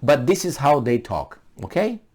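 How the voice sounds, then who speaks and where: Sarcastic, animated male vlogger. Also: medium pitch, moderate pace. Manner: sarcastic, incredulous rhetorical questions. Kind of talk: opinionated solo commentary.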